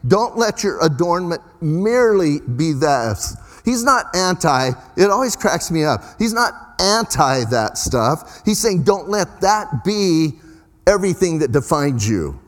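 A man's voice: on the high side, very animated, measured pace, big-room sound. A middle-aged man preaching a sermon as pastor, in a folksy, conversational way with emphatic rises.

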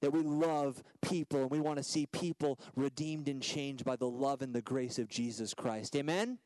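A man in his thirties preaching a sermon as a guest speaker, swinging between loud emphatic lines and soft hushed ones. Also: medium pitch, steady tone, normal speed, no echo, low-quality recording.

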